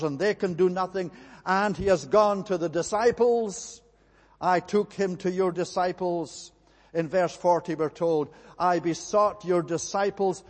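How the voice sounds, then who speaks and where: A man preaching with earnest, emphatic repetition, his voice sitting a little high. His words ring out with a long reverb, like a church hall. He delivers a sermon to a congregation.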